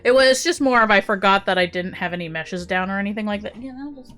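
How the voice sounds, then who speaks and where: A woman's voice: mid-range voice, quick pace, pushed and bright, faint music behind. A woman giving a casual screen-recorded tutorial, chatty and self-deprecating, with many fillers and little mouth-sound effects, speaking at a desk mic. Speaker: tutorial creator.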